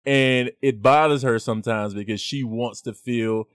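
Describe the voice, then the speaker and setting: A young man hosts a casual podcast and argues his side in a laid-back but animated way. He leans on slang and stacks up rhetorical questions to press his point. His voice sits mid-range, close and dry on the mic. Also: mid-range voice, normal speed, clear, resonant tone, dry recording. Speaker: podcast host.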